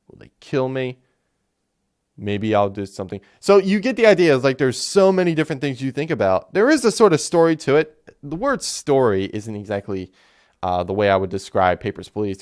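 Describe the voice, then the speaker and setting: A man's voice: medium pitch, clean tone. A man hosting a solo podcast, talking casually and animatedly about video games, rambling with lots of fillers and restarts. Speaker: podcast host. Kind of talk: casual solo game talk.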